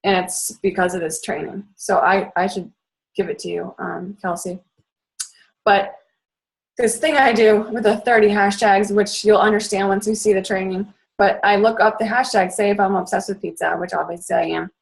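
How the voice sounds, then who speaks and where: A young woman from the Boston area who talks very fast in a bubbly, chatty way as she coaches her team in a casual talk. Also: mid-range voice, fairly even intonation, vocal fry. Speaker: network marketing fitness coach.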